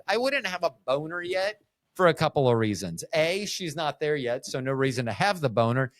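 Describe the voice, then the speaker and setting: A man's voice: on the high side, big pitch swings, normal speed, over music. A man hosting a solo podcast, rambling through jokey asides with frequent restarts. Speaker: podcast host.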